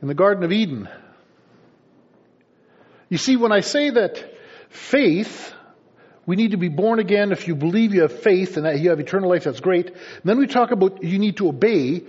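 A man preaching to his congregation, chatty and teasing, slipping into asides and little acted-out scenes. His voice sits a bit high and swings widely in pitch, with a husky edge. The recording is dull and lo-fi. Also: animated, moderate pace, pauses often, darkish tone. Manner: conversational, playful asides to congregation. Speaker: pastor. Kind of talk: sermon.

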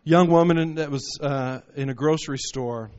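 A man's voice: fairly high pitch, normal speed, a little mellow. A man preaching a sermon, telling stories and rising into emphatic bursts. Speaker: pastor. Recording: muffled lo-fi recording.

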